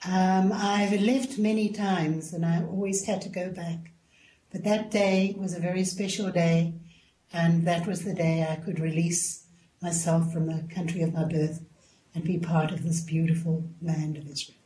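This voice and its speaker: Older South African woman, mellow voice. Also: lowish voice, steady tone, unhurried, reverberant, poor audio. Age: 70s. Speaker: guest. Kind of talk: casual interview chat.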